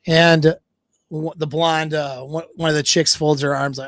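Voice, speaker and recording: A man tells a dating story on a livestream, slipping into quoted back-and-forth and stumbling over his words as he goes. His voice sits a little high for a man, recorded close and dry with no room echo. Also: flat delivery, slow pace, a bit bright. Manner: casual retelling with quoted dialogue, frequent restarts and laughs; swears casually. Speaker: dating coach.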